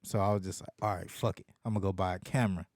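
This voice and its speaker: A young man in casual podcast chat, telling a profane story and jumping into lively voices when he quotes people. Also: low-pitched, very fast, no echo, clean studio sound. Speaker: podcast host.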